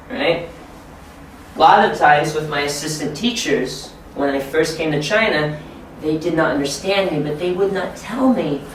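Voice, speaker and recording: An American man talks a room of teachers through classroom advice in a loose, animated way, breaking into little acted-out quotes and laughter. He sounds far from the mic, and the room rings with heavy echo. A faint room hum sits underneath. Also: fairly high pitch. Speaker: ESL teacher trainer. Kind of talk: informal training talk. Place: training room.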